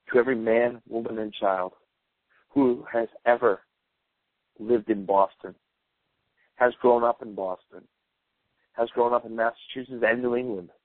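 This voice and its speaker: A man's voice: lowish voice, dry recording. Earnest man giving a solemn dedication. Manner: earnest, measured, rallying. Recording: dry, phone-like narrow sound.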